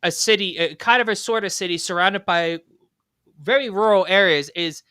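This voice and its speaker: Podcast host, bright high voice, dry sound, profane rambling questions. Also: male voice, normal speed, smooth, no echo. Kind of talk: casual political podcast chat.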